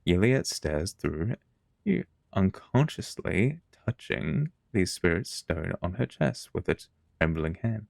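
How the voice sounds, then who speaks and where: A man's voice: low voice, big pitch swings, slow, vocal fry, darkish tone, dry recording. A man streaming a video game, reading its text aloud with casual chatty asides.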